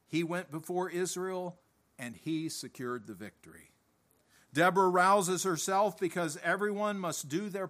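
A man preaching a sermon, slow and deliberate, pressing one point again and again. His voice sits a little high for a man and swings widely in pitch, climbing on key words and sinking low at the ends of phrases. He clears his throat now and then. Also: a bit bright. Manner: emphatic, repetitive preaching with frequent throat-clearing; slow, deliberate delivery that swells and drops off.

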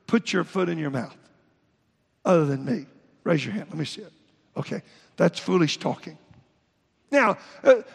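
Husky high-voiced preacher in a hall. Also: male voice. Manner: preaching with scripture readings and halting restarts. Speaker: pastor. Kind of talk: sermon.

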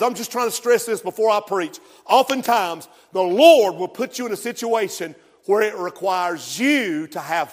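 Male preacher, very high voice, emphatic sermon delivery, church hall reverb. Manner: emphatic preaching with call-and-response asides.

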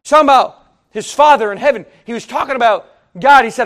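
This sermon comes from a middle-aged pastor whose voice is very high-pitched and fairly bright, moving at a quick pace. He is a folksy storyteller who addresses the congregation directly.

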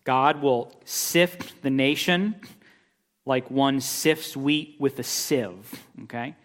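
A pastor delivers an emphatic expository sermon at a slow pace, his medium-pitched voice a bit bright. He uses rhetorical questions and repeated phrases, and the recording carries the long reverb of a large hall.

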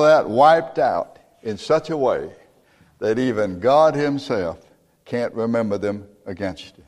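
A man preaching a sermon as pastor, emphatic and building to loud peaks. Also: mid-range voice, lively intonation, measured pace, in a large hall. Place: church.

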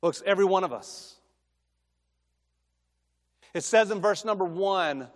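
High-voiced preacher in a reverberant hall. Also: male voice, a little slow, pauses often. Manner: folksy storytelling, rising to emphatic preaching. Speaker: guest preacher. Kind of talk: sermon with family stories.

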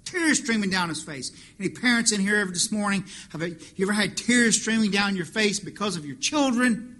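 A man's voice: sits high, brisk, sharp tone. A man preaching a sermon as pastor, impassioned and rising to emphatic peaks. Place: church fellowship hall.

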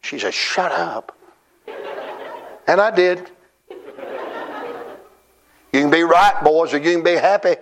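A middle-aged man preaching a fervent revival sermon in a church, his voice sitting on the high side. He shouts and cries out in surging bursts and mixes in folksy, self-mocking humor. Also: a little slow, long pauses, slight background noise. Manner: shouting, crying out in rising bursts. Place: church conference service.

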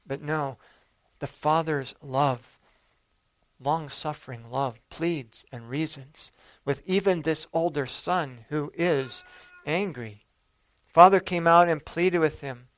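A man preaching a sermon, retelling a parable in an earnest storytelling manner, rising for emphasis and dropping soft. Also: on the high side, slow, dry recording.

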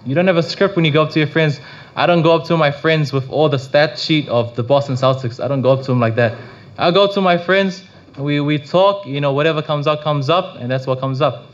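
A man's voice: fairly high pitch, fairly quick. Rambling man giving a casual prayer talk. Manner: rambling, full of restarts and "you know". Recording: slightly dull lo-fi recording.

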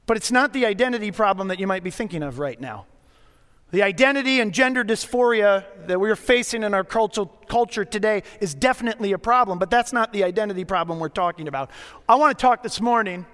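Middle-aged pastor guy, really high bright voice, storytelling sermon, long church reverb. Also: lively intonation. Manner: storytelling, conversational with dramatic pauses. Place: church sanctuary.

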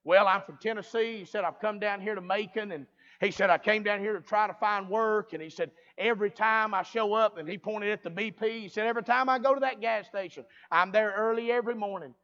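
A preacher man with a strikingly high voice tells his story at a revival. He moves from quiet storytelling into fervent, rising preaching. The recording sounds dull and muffled. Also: brisk. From American South.

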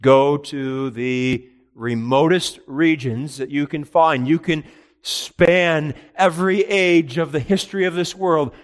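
A man preaching an expository sermon, reading scripture aloud and explaining it, rising to emphatic peaks and dropping low. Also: slow. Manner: rises to emphatic peaks and drops to quiet; reads scripture in old-style wording, then explains.

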